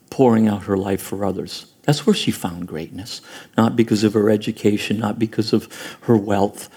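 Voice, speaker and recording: Gravelly low-voiced male pastor preaching. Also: dark tone. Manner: repeats words and restarts, earnest. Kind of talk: sermon.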